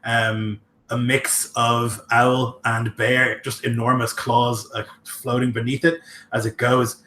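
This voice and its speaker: A man's voice: medium pitch, level tone, slow, bright, forceful tone, roomy sound, slight background noise. A man running a tabletop game as game master, narrating loosely with many fillers.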